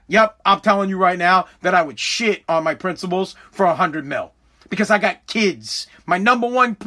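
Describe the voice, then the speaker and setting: Podcast host, male, very high voice, profane emphatic rant, acts out both sides of imagined talks. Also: bright, forceful tone. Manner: profane, emphatic, repeats himself for effect. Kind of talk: ranting podcast monologue.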